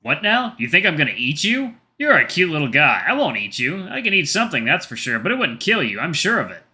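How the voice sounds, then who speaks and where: A man's voice: on the high side, sing-song, fairly quick, pushed and bright, voice pushed up, full character voice. A man voicing a flirty, easygoing big male tiger in a visual novel read aloud, in playful, teasing banter.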